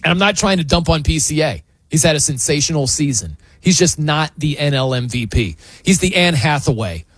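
Animated, husky male sports host. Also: on the high side, brisk, few pauses, dry recording. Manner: emphatic, incredulous ranting; laughs between points. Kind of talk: opinionated sports commentary.

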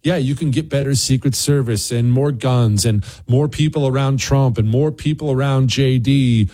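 A man's voice: medium pitch, normal speed, warm tone. A man hosting a political talk radio show, delivering a heated, ranting monologue.

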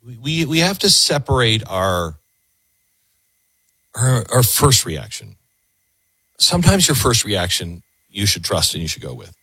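A man hosting a call-in radio talk show, earnest and halting, often repeating his words. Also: on the low side, sing-song, bright, forceful tone, husky, no room sound.

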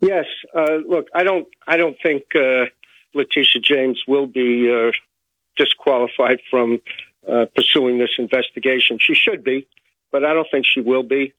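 Measured man on a tinny phone line. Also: mid-range voice, no room sound. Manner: measured, hesitant with many fillers. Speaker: phone-in guest. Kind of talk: call-in radio commentary.

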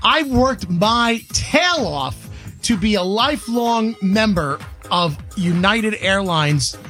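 High-voiced man, rueful radio co-host. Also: lively intonation, slow pace, sharp tone, soft background music. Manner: rueful, complaining. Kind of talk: morning radio banter.

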